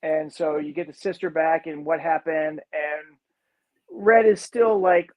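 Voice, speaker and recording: High-pitched guy rambling thru a movie recap, lots of you knows, kinda dull lo-fi sound. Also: steady tone, a little slow. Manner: rambling, many "you know" fillers, acts out lines. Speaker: podcast co-host. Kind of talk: casual movie recap chat.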